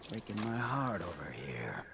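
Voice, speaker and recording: An actor playing a swaggering, smooth-talking male town mayor in a video game, with a gravelly, hushed, half-whispered delivery. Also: low-pitched, very animated, moderate pace, background noise, heavily acted.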